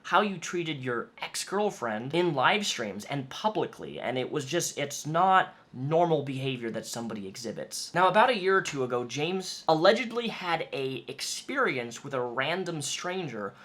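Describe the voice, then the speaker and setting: A man's voice: a little high, sing-song, normal speed, hardly any pauses, fairly bright tone. A man narrating a commentary video in a conversational, pointed tone with light sarcasm. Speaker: YouTube commentator.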